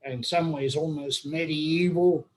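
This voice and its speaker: Hosting an online roundtable, an older man from England with an English accent spins long anecdotes full of wry humor. He speaks unhurriedly in a little high voice with fairly even intonation, over poor audio.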